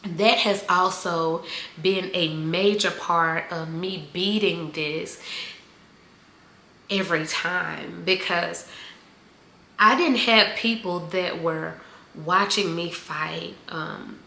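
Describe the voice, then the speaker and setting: A woman in her forties shares a personal story in a bright, slightly gravelly voice. She speaks slowly and haltingly, with many fillers, and is emotional and close to tears. The echoey room carries a faint hum of noise behind her. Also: on the low side, fairly even intonation. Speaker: vlogger.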